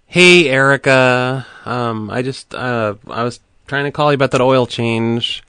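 A man making prank phone calls, keeping an innocent, deadpan tone while needling the people he calls. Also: medium pitch, moderate pace, clear, resonant tone, no echo. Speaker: prank caller.

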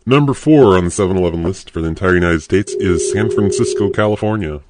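Deep-voiced streamer through a voice changer. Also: male voice, quick pace, very noisy. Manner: crude, mocking, reads chat aloud. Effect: pitch-lowering voice changer. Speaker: live streamer. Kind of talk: prank-call livestream chat.

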